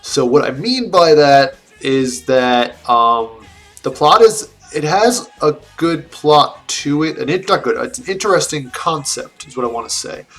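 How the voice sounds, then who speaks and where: A man's voice: a little high, expressive, unhurried, a bit bright, faint music behind. A man giving a casual, rambling movie review, swearing often, laughing at his own jokes and restarting his sentences. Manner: rambling, profane, laughing, with many restarts and fillers. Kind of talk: casual film review rant.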